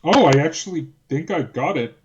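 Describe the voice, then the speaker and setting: A man's voice: on the high side, animated, a little fast, darkish tone, slightly rough. Male player on a muffled mic. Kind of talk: casual game-table chat.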